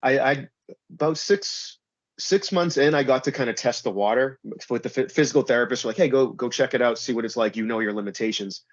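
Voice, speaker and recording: A man in a casual interview who rambles, filling his talk with "like" and "you know". His voice sits at an ordinary middle pitch. The recording is dry and a little dull. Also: a little fast, no room sound. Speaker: pro wrestler guest.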